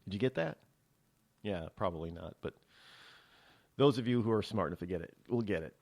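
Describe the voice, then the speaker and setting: A man's voice: deep voice, animated, fairly quick, gravelly, a little mellow. A man hosting a talk show, delivering a rambling, sarcastic opinion monologue with many restarts. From New England.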